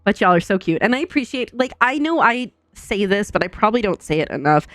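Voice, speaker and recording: A young woman streaming from home, chatting casually with viewers, bubbly and chatty, full of "like" and quick laughs. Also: on the low side, no echo, clean studio sound. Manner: says "like" a lot. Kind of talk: casual chat with chat readers. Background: soft background music.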